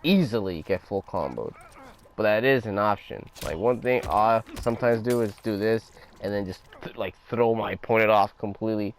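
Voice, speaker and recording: A man's voice: on the low side, normal speed, a little hiss or hum. A young man giving a casual, profane gameplay tutorial, talking loosely over footage. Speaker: gaming guide creator.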